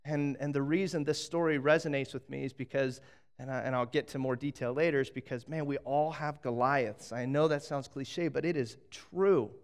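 A man's voice: medium pitch, moderate pace, clear, resonant tone. A man preaching a sermon, telling a story with energy, acting out voices and often restarting his sentences. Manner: animated storytelling, acts out voices, frequent restarts. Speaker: pastor.

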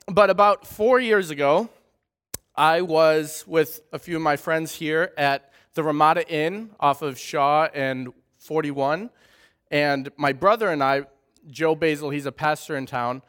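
A man in his thirties with a light Wisconsin accent tells stories to a church congregation in a chatty, joking way. His voice is smooth and clear and sits a little high for a man. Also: a bit bright. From southern Wisconsin. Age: 30s. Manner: friendly, humorous, chatty storytelling. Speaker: guest speaker at a church. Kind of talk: church talk with personal stories. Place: church sanctuary.

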